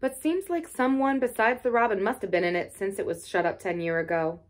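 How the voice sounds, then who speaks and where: A woman's voice: medium pitch, a little fast, natural voice. A woman voicing a cheerful twelve-year-old moorland boy with a broad Yorkshire dialect and an easygoing, earthy manner. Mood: thoughtful.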